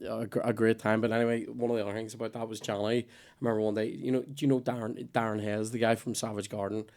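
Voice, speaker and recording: A man's voice: lowish voice, little pitch movement, quick pace, darkish tone. A man hosting a podcast in casual chat, a rambling storyteller who swears freely and keeps losing his thread, with a nagging cough. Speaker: podcast host.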